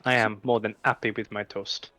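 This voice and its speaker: A man's voice: on the low side, flat delivery, moderate pace, bright, forceful tone, no room sound. A man playing a tabletop role-playing game, laughing often and answering in a prim, polite character voice. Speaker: player. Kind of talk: casual tabletop role-play.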